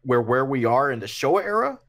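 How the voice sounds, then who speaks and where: A man with a mid-range voice lays out his opinions as a podcast guest. He talks in a measured, thoughtful way, with a few restarts. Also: mid-range voice, very animated, a bit bright. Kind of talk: casual review chat.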